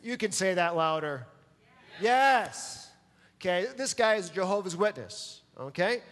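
A man's voice: sits high, expressive, a little slow, fairly bright tone, long reverb tail. A man preaching a sermon as pastor, emphatic and pressing his listeners to answer back. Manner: emphatic, calls for audience response.

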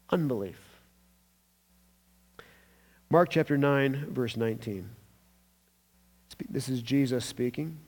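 A man preaching a sermon as pastor, swinging between hushed words and loud, raised emphasis. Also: fairly high pitch. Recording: long hall reverb.

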